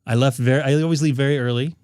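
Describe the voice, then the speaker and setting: A man's voice: medium pitch, fairly even intonation, very fast, darkish tone, smooth, no echo, clean studio sound. A man hosting a ham radio live stream, talking casually and rambling with frequent fillers and restarts.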